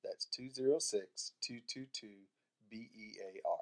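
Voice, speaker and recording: A man's voice: fairly low pitch, a little slow. A man with an American Southern accent co-hosting a podcast in casual chat. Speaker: podcast co-host.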